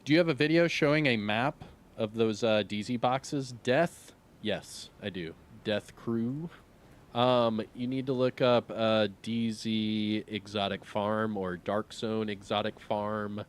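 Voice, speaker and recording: A man's voice: on the low side, steady tone, slow. A middle-aged man streaming live, chatting casually and reading viewer questions, laid-back and rambling with lots of fillers.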